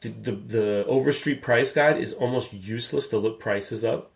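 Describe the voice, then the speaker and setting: A man's voice: medium pitch, moderate pace, creaky. A man in his thirties, a comic book collector hosting a casual vlog, talking candidly in a rambling way and getting riled up. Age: 30s.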